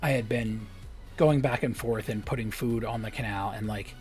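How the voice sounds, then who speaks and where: A man's voice: on the low side, normal speed, a little mellow, soft background music. A young adult man streaming a game, chatting casually with rambling, joking stories and whispered asides. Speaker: live streamer.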